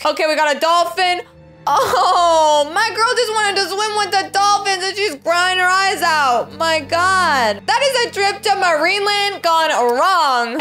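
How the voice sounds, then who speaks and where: A woman hosting a casual reaction video, excitable and exclamatory, often gasping. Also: very high-pitched. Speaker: channel host reacting to images.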